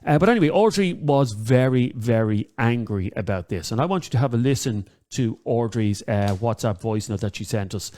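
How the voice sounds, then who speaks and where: A man's voice: medium pitch, lively intonation, moderate pace, hardly any pauses, warm tone. An Irish man hosting a talk radio show, chatting to listeners with lots of ums and uhs and repeating the number to call.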